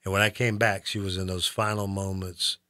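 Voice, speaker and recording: A male guest speaking calmly in a quiet, steady, matter-of-fact way. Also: low-pitched, fairly quick, no echo, clean studio sound. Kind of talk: calm conversational talk.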